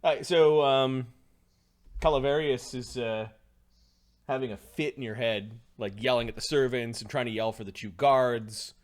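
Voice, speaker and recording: A man's voice: medium pitch, normal speed. A man narrating a tabletop game as game master, rambling with many fillers.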